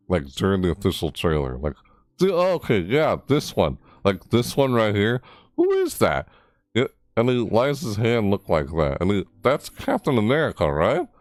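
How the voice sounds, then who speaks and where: Rambling low-voiced man reacting to a game. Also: darkish tone, no echo. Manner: rambling, easily amazed, many fillers; voice jumps high in surprise. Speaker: gaming YouTuber. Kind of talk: casual game commentary.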